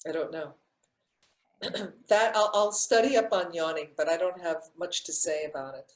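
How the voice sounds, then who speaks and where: An older woman with a lowish voice answers questions about breathing practice. She talks loosely, full of fillers and restarts. Her voice carries around an echoey room. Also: moderate pace. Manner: warm, rambling, many restarts and fillers. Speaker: breathwork teacher. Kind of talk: live Q&A answers.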